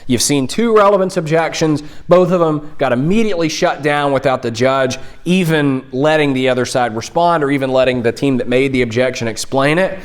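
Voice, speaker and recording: A man's voice: mid-range voice, brisk, hardly any pauses, clean tone. A young man who coaches mock trial, giving direct-to-camera advice in an earnest, conversational way.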